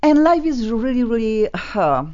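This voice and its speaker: A woman with a foreign accent in English hosts a casual radio talk show, introducing her guests in a chatty, effusive way and laughing often. Her high-leaning voice is very animated and mellow, at a moderate pace, on lo-fi sound.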